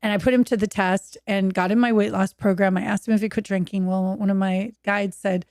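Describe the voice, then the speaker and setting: Woman, 50s, from Oregon, podcast guest; animated, candid storyteller, mid pitch, dry sound. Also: fairly quick, no echo. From Oregon, USA. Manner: animated, acts out quoted voices. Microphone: video call.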